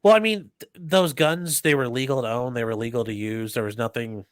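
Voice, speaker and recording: A man's voice: mid-range voice, brisk, smooth, dry recording, studio quality. A man from the United States hosting a podcast, chatting casually and rambling with lots of restarts. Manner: rambling, animated, many restarts. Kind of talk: casual chat.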